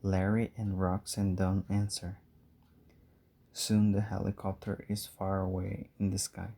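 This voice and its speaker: A man narrating a simple storybook for learners in a clear, measured way. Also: low-pitched, flat delivery, mellow. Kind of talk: slow storybook reading for learners.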